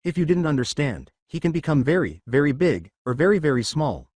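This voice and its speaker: A man's voice: fairly high pitch, big pitch swings, brisk, darkish tone, no echo. A man doing a polite French man. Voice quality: overly polite.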